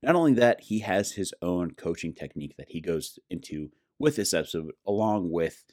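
A man's voice: low voice, expressive, normal speed, darkish tone, dry recording, studio quality. A man from Colorado hosting a podcast interview, chatty and enthusiastic. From Colorado, USA. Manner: enthusiastic, chatty, frequent laughs. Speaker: podcast host. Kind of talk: casual podcast intro and interview.

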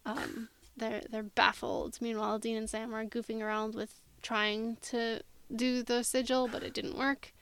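A woman co-hosting a podcast, summarizing a TV episode in a brisk, matter-of-fact way. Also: fairly high pitch, level tone, creaky, fairly bright tone, clean tone, dry recording. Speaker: podcast co-host. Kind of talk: casual episode recap.

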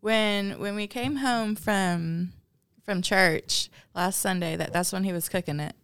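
A woman's voice: medium pitch, a little slow, a bit bright, smooth, no room sound, studio quality. A woman who is a guest on a casual chat show, talking in a gushing way.

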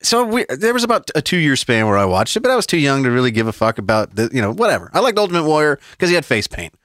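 A man's voice: medium pitch, fast, no room sound, clean studio sound. A man in his forties, a podcast co-host, telling stories in casual, profane chat with frequent laughs. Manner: profane, animated storytelling with laughs.

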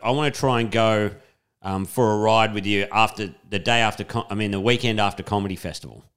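A man's voice: on the low side, a little fast, a bit bright, clear, resonant tone. A young Australian man co-hosting a podcast, easygoing and encouraging, laughing often. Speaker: podcast co-host. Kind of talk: casual chat.

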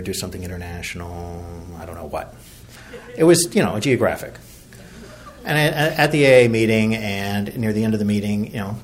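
A middle-aged man from Virginia tells his recovery story in a rambling, self-deprecating way, full of fillers and restarts. His voice sits a little low. A faint hum of room noise runs behind him. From Virginia, USA. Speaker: recovery meeting speaker.

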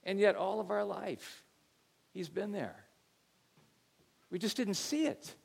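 A middle-aged man preaches from the pulpit in a relaxed, conversational way, stumbling over repeated words as he tells a story. His voice sits a touch higher than most men's. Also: slow pace, vocal fry, breathy edge. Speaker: pastor. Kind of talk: sermon.

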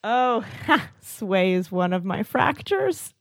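A woman player chats lively through a tabletop game, laughing easily. Her pitch is ordinary middle range. The sound is dry and close. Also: slow pace, no room sound. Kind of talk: casual tabletop play.

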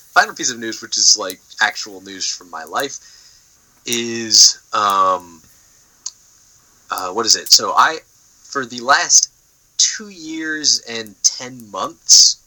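A man's voice: fairly low pitch, expressive, slow, sharp tone, poor audio. A young man chatting casually on a podcast, rambling with lots of fillers and the odd swear word. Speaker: podcast co-host. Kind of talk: casual chat.

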